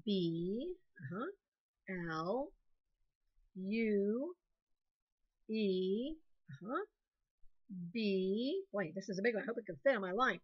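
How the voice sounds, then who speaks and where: A woman, a second grade teacher giving a playful, animated phonics lesson to young children. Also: mid-range voice, slow, pauses often, breathy edge, highs cut off.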